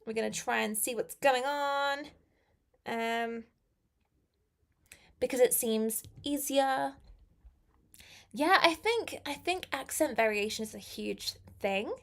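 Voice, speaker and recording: British woman, live-stream English teacher, young, slow and unhurried, gravelly edge, chatty with viewers. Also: a little high, a bit bright. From England. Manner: chatty, reads viewer comments aloud, laughs often.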